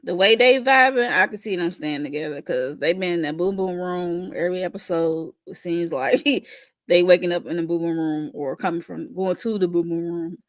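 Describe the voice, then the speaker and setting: A woman co-hosting a casual recap chat, reacting with quick, expressive interjections. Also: on the low side, dry recording, studio quality. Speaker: co-host.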